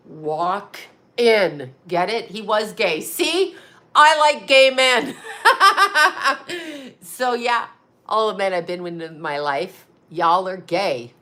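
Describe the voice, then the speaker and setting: A woman's voice: fairly high pitch, expressive, slow pace, pushed and bright. A woman hosting a psychic livestream, chatting casually and bluntly with viewers, rambling and often laughing. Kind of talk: casual live chat reading viewer comments.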